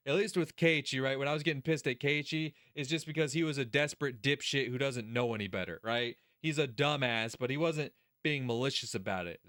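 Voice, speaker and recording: A man's voice: medium pitch, a little fast, hardly any pauses, a bit bright, no echo, clean studio sound. A young man doing a let's play of a visual novel, reading the story text aloud and breaking off into heated, profane rants at the characters. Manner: profane, heated ranting, mocking whiny put-on voices.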